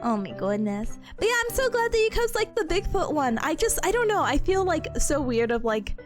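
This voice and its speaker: A woman's voice: sits high, sing-song, moderate pace, faint music behind. A young woman streamer chatting casually with her viewers, bubbly and giggly. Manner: giggly, bubbly, talks to chat. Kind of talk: casual live-stream chat.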